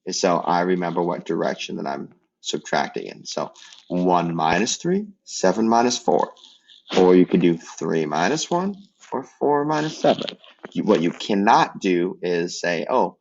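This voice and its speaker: Low gravelly man teaching math. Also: a little slow, lo-fi sound. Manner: relaxed, joking asides while working problems. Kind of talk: casual math lesson.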